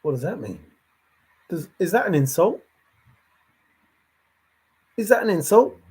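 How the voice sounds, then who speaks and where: A man's voice: fairly high pitch, warm tone, husky. A man hosting a livestream, thinking aloud in a rambling way and answering chat comments as they come in. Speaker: livestream host.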